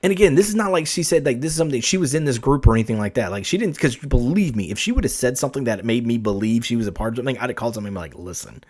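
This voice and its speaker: A man's voice: medium pitch, rapid-fire, few pauses. A man hosting his own podcast, telling a story casually, rambling with lots of restarts and filler words. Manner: rambling, full of "like" and "you know", many restarts, animated. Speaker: podcast host.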